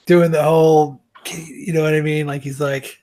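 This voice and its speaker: A man with a notably high voice banters on a casual podcast, quick to laugh and swear. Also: level tone, a little mellow. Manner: jokey, swears, laughs often. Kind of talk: casual chat.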